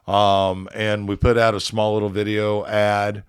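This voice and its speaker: A man's voice: fairly low pitch, little pitch movement, unhurried, clean tone. A man, a band leader on a podcast, telling a rambling, profane story in casual chat and acting out quoted dialogue.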